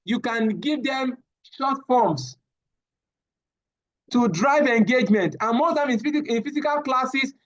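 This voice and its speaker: A man, giving a live safety training lecture, animated and often repeating his words as he addresses the class. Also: very high voice, a little slow, muffled recording.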